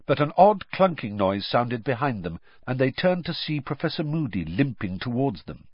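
A man narrating a story audiobook in an expressive reading that switches between characters. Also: fairly low pitch, moderate pace, few pauses, slightly rough, no room sound, lo-fi sound. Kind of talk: scripted narration.

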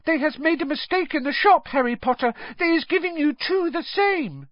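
Dobby, a squeaky anxious house-elf. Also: male voice, moderate pace, no echo. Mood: eager. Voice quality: high squeaky. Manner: ungrammatical third-person speech, constant "sir". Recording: dull dry lo-fi.

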